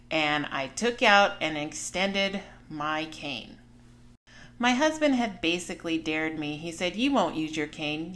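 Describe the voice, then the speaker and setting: Podcast host, woman, 40s; candid personal storytelling, slightly low pitch, frank. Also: fairly bright tone.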